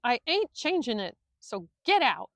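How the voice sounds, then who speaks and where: A woman voicing a stubborn, hot-tempered middle-aged Texan preacher man, loud and defiant with folksy grammar. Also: a little high, animated, normal speed, no echo. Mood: furious. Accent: Texan drawl.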